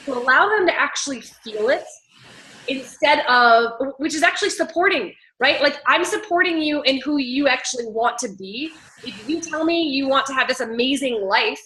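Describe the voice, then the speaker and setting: A woman hosting a casual coaching chat, talking in an animated way and acting out little quotes. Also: high voice, moderate pace, poor audio. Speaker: host.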